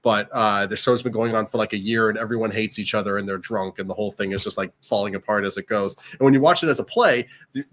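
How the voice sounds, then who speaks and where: A man's voice: lowish voice, quick pace, fairly bright tone. A man co-hosting a casual film chat, rambling with many restarts and asides. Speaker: podcast co-host.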